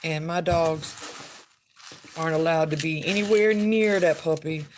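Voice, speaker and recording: Lady witch mixing oils on her vlog, lowish voice, blunt, drawly, faint hiss behind. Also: fairly even intonation, measured pace. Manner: blunt and outspoken. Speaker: witch making spell oils. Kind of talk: casual vlog chat.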